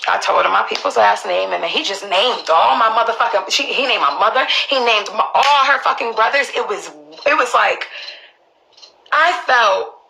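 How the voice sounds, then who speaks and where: A young woman tells a personal story to her viewers. Her voice sits a little high, with a bright, cutting edge and a gravelly crackle. She talks emphatically and profanely, often restarting mid-sentence. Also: expressive, normal speed. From Queens, New York. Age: early 20s. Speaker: vlogger telling her own story.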